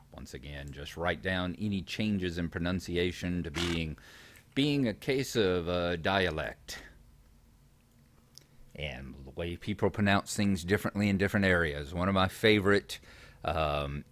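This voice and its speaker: A man's voice: low voice, fairly bright tone. A man hosting a game video, reading quest text aloud and chatting casually about the game. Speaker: gaming channel host. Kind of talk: casual gameplay commentary.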